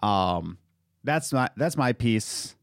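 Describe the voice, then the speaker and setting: A man's voice: lowish voice, lively intonation, slow, creaky, dry recording, clean studio sound. A man co-hosting a casual talk show, speaking in a heated, rambling way with many restarts. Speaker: podcast co-host. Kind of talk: casual opinionated chat.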